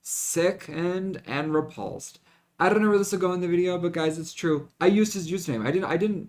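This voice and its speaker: A man's voice: sits high, moderate pace. Fiery, dramatic young man venting. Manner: dramatic, profane and repetitive, with frequent restarts. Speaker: vlogger. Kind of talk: emotional confessional vlog.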